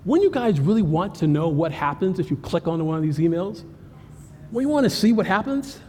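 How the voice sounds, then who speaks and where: A man giving an animated, joking cybersecurity presentation at a live conference, talking straight to the audience. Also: sits high, brisk. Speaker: cybersecurity speaker. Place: conference hall. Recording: hall reverb with faint ambience.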